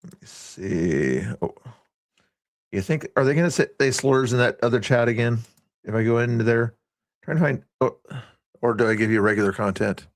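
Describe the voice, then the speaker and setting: Livestream host, rambling casual chatter, dry close mic. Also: male voice, mid-range voice, normal speed, no room sound. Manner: rambling, chatty, reads chat aloud.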